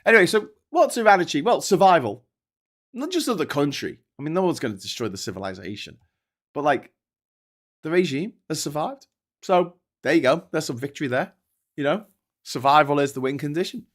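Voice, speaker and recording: A British man hosts a loose political commentary show, his voice sitting high for a man. He swears freely and mocks his targets with taunting sarcasm, his delivery easy and conversational. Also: very animated, brisk. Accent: British English. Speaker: host.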